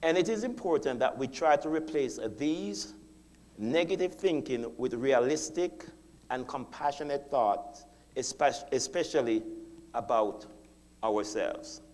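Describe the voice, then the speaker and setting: A man's voice: medium pitch, lively intonation, measured pace, a little mellow. A man giving a sermon in a church, teaching step by step and acting out his own inner thoughts, often repeating key phrases. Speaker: guest speaker. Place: church sanctuary.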